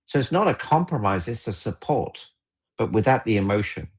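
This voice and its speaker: A man's voice: on the low side, lively intonation, moderate pace, slightly rough. A man who works as a relationship coach, explaining his methods in an interview with an upbeat, teaching manner. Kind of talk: interview conversation.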